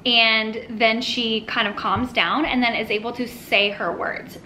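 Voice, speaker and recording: A woman's voice: a little high, fairly even intonation, measured pace, pushed and bright, slight background noise, rough recording. A mother talking casually to the camera at home about parenting, chatty and full of little asides. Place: at home with her toddler nearby.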